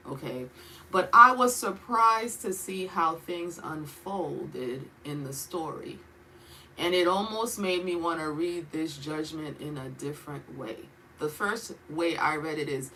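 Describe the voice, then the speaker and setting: A woman's voice: deep voice, measured pace, sharp tone, slight background noise, rough recording. A woman giving a casual Bible teaching in a conversational way, asking questions and checking in with her listeners often.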